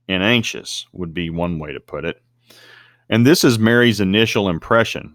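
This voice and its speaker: Deep-voiced man teaching scripture. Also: fairly bright tone, no echo, clean studio sound. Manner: slows down to stress Greek words. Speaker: Bible teacher. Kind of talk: scripture study talk. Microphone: desk mic at a computer screen recording.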